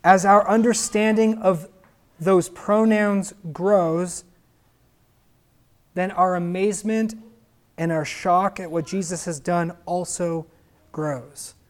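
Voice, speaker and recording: A man preaching a sermon, putting stress on his words, slowing on key phrases and putting questions to his listeners. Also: high voice, fairly even intonation. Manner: emphatic, asks the listeners rhetorical questions.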